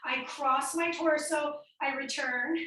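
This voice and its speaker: Woman fitness instructor, high and sharp, a bit winded, echoey room, mic across the room. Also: fairly even intonation, slow pace, far from the mic. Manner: upbeat counting cues, coaching while exercising. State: a little out of breath. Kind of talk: workout class instruction.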